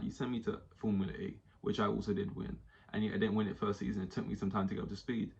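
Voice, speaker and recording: Male podcast host, casual animated rant, slightly low voice, dull lo-fi mic. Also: fast talker, creaky, hardly any pauses. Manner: animated, does mock voices for quotes.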